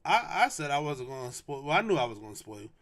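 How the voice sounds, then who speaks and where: A young man hosting a podcast, with a mid-pitched voice. He talks in loose slang and tells his story with animation, often saying a line twice to drive it home. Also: quick pace. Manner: animated, slangy, repeats lines for emphasis. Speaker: podcast host. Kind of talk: casual storytelling.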